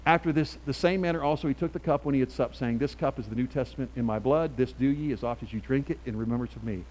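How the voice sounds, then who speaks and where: A middle-aged man preaching a sermon as pastor, emphatic and swinging from quiet asides to loud calls. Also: mid-range voice, quick pace, slight background noise, rough recording.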